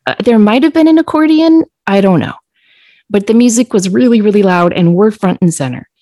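A woman podcast co-host telling a story in casual chat, acting out quoted lines in a higher voice. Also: expressive, a little fast, mellow, no room sound.

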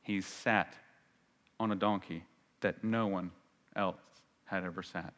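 A man preaching a sermon as a pastor, emphatic, swinging between loud and hushed and repeating phrases for stress. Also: sits low, fairly even intonation, slow pace. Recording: long reverb of a large hall.

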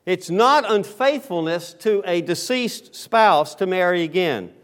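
A man's voice: sits high, lively intonation, takes it slowly, a bit bright. A man in his sixties with a Southern US accent, a guest pastor telling a folksy story and preaching through a face mask, with plenty of ums and uhs. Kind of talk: sermon. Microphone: speaking through a face mask.

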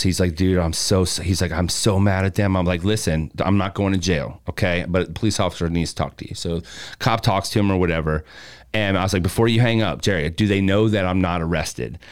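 Smooth-voiced man telling a wild story. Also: low voice. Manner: animated, acts out quotes, laughs while telling. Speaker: podcast guest telling a story. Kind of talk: casual storytelling.

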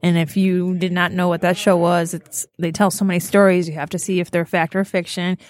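A woman's voice: lowish voice, level tone, brisk, dry recording, clean studio sound. A woman co-hosting a podcast, telling a story in casual chat and laughing through her words. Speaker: podcast co-host.

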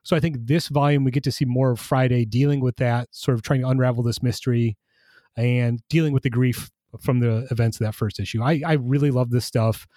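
A man's voice: medium pitch, brisk, dry recording, clean studio sound. Enthusiastic male podcast co-host. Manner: enthusiastic, steady explainer with fillers. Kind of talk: casual chat, reviewing comics.

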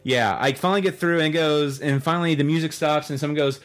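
A man's voice: a little high, a little fast, few pauses. A man hosting a podcast, telling a story in a casual, rambling way, with the odd swear word. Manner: rambling, animated retelling with swearing. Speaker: podcast host.

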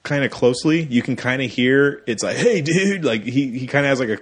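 A man co-hosting a casual movie review podcast, rambling through the plot and now and then slipping into quick silly voices for the characters. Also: mid-range voice, fairly even intonation. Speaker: podcast co-host.

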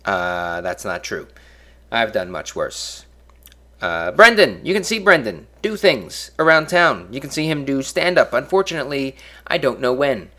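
A man's voice: mid-range voice, very animated, unhurried, sharp tone. A man hosting a podcast, signing off in an offhand, drifting, self-mocking way. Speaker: podcast host. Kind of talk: casual podcast sign-off.

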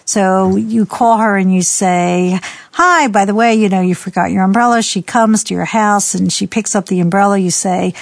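A woman's voice: medium pitch, a little slow, dry recording. Female host, dry close mic, chatty, acts out quotes. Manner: acts out quoted speech in anecdotes. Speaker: podcast host. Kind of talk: casual conversation.

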